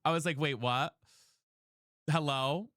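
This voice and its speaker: A man's voice: on the high side, slow pace, a bit bright, dry recording, clean studio sound. A young man streaming and chatting casually, rambling and retelling a conversation line by line. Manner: rambling, retells others' words with "she's like". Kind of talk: casual chat while gaming.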